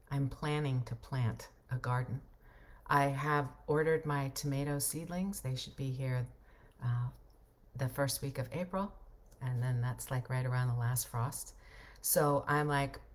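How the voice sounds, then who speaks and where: Speaking a little slowly in a very deep voice, a middle-aged voiceover coach hangs out on a livestream. She reads out comments from viewers and drifts into reflective, rambling talk.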